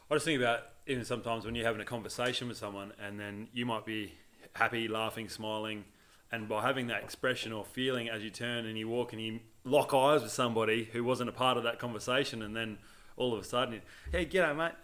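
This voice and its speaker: A man talking on a casual podcast in long, run-on thoughts. His voice is bright and forward. He gets animated and is quick to break into laughter. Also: medium pitch. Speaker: podcast co-host. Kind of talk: casual chat.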